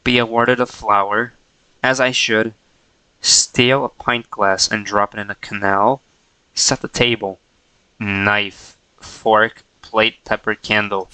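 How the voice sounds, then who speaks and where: A man's voice: fairly low pitch, level tone, takes it slowly, bright, forceful tone, smooth, no echo, poor audio. A man casually chatting to himself while streaming a game, playful and chuckling.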